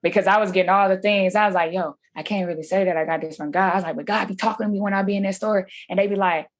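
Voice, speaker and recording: A woman's voice: medium pitch, steady tone, rapid-fire. A woman telling her story as a guest on a podcast. She talks casually and with animation, uses slang and acts out what people said.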